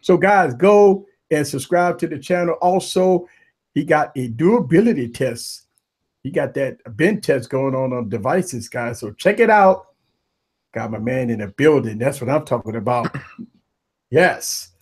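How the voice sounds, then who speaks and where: A man hosting a live tech talk stream, giving loud shout-outs to viewers and panelists in casual, hyped chat. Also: fairly high pitch, measured pace, slightly rough. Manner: hype, repetitive shout-outs, animated. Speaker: livestream tech show host.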